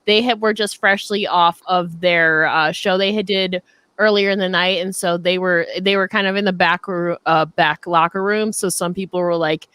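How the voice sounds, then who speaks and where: A woman's voice: fairly low pitch, fairly even intonation, normal speed, a bit bright, clean tone, no room sound. Chatty woman guest on a dry call. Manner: rambling, many fillers and restarts. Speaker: interview guest, podcast host. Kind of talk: casual video-call interview.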